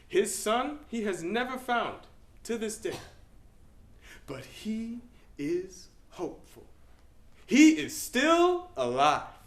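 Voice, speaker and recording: A young man playing a middle-aged pastor with ALS, shifting between wry humor and quiet gravity, performed on a stage in an echoey hall. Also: a little high. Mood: somber. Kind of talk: dramatic interpretation performance.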